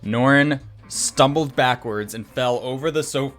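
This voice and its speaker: A man at a mid pitch, narrating a tabletop game as game master. He talks in a relaxed, chatty way and often slips into laughter mid-scene. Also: a little slow, soft background music.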